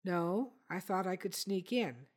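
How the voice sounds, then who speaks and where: A woman's voice: on the low side, expressive, measured pace. Woman voicing a sullen young burglar. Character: young male intruder, scared, defiant.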